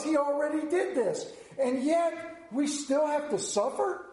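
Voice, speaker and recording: High-pitched pastor preaching in an echoey church. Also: male voice, measured pace. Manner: animated storytelling, acts out voices, asks the congregation questions. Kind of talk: sermon.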